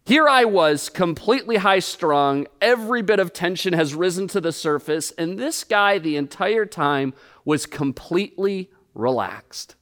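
A man, a pastor, preaching a sermon and telling a personal story in an animated way with humorous asides. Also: high-pitched, unhurried, hardly any pauses. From United States.

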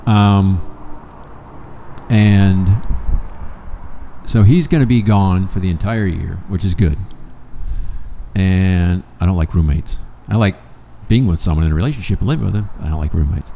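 Gravelly-toned, profane older man telling stories. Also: sits low, moderate pace, long pauses, mellow, slight background noise. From Michigan. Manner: profane, rambling storyteller acting out both sides of conversations. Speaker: storyteller in a casual conversation. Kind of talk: casual chat.

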